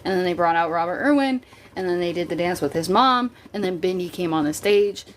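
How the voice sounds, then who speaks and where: A woman's voice: on the low side, lively intonation, brisk. Chatty woman livestreaming over background noise. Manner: chatty, candid, swears freely, addresses viewers as y'all. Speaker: livestream host. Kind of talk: casual chat to a live chat.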